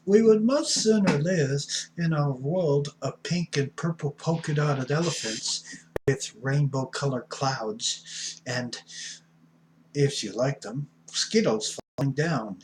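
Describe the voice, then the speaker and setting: A man's voice: a little high, slow pace, a little mellow, slight background noise, low-quality recording. A man in his fifties talking in a casual vlog, playful and theatrical, dropping into whispers and spelling words out. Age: 50s. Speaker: addiction counselor vlogger. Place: rooming house room at night.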